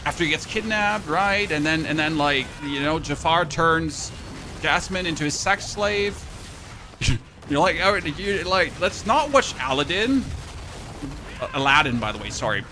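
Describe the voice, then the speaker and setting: Over a noisy background, a game streamer with a German accent talks at normal speed in a slightly high voice with lively intonation. He rambles casually to his live-stream audience while he plays, swearing and laughing at himself.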